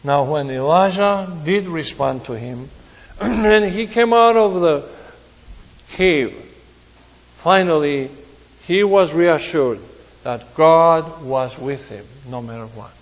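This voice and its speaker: Male preacher mid-sermon, high-pitched, slow and emphatic, voicing the quoted speakers, in a reverberant church hall. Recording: long reverb of a large hall.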